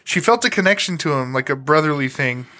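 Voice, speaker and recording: A man's voice: fairly high pitch, expressive, fast, bright, forceful tone. A man co-hosting a casual podcast, retelling an alien encounter story with swearing and laughter. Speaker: podcast co-host.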